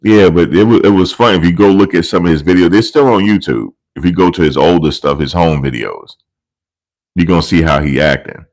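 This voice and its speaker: Deep-voiced man telling rambling stories. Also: brisk, a little mellow, poor audio. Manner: rambling, profane, amused storytelling. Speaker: commentary channel host. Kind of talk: casual celebrity commentary. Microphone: desk USB microphone.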